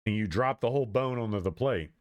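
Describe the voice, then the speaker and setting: A man's voice: fairly low pitch, quick pace, no echo. A man streaming, giving casual chatty reaction commentary and laughing often.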